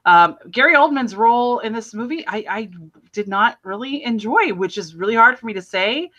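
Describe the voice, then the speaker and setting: Bright-voiced woman retelling a film. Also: on the high side, moderate pace, lo-fi sound. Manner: animated, rambling retelling with voiced quotes. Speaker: podcast co-host. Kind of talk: casual film discussion.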